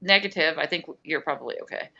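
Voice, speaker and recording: Bright-voiced woman, lo-fi. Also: low-pitched, vocal fry. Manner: teasing, quick retorts. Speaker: co-host, host's mother. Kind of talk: casual chat.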